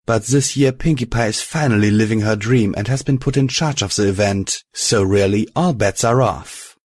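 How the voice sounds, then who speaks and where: A refined, elegant mare fashion designer, read by a man in a measured, formal audiobook delivery. The voice sits fairly low and is recorded dry and close, with no room sound. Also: a little mellow, no room sound, close to an everyday voice. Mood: composed. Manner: measured, formal reading of a written note. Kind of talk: audiobook reading.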